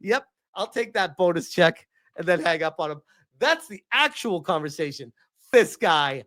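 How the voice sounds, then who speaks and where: An exasperated man tearing into his subject on a live stream, swearing again and again. His pitch leaps and dives as he rants, very animated and full of heat. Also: normal speed. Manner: heated, profane, exasperated. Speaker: gaming streamer.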